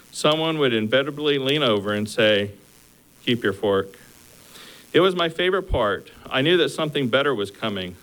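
A man's voice: medium pitch, fairly bright tone, close to an everyday voice, rough recording. A male preacher voicing a hopeful, dying young woman in an earnest, storytelling way within a sermon.

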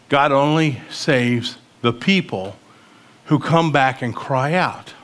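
A man's voice: fairly high pitch, fairly bright tone. A man preaching a sermon. He reads scripture aloud and talks plainly, with emphatic questions in places. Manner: conversational, rises to emphatic questioning.

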